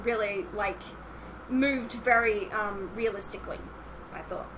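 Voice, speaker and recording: A woman's voice: medium pitch, fairly even intonation, a little slow, fairly bright tone, a little hiss or hum, low-quality recording. A young woman co-hosting a podcast in casual chat, enthusiastic and laughing often. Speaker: podcast co-host.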